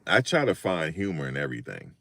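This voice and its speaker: An older man telling funny stories in a casual, animated monologue, often repeating himself. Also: extremely low pitch, fast, no echo. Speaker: vlogger.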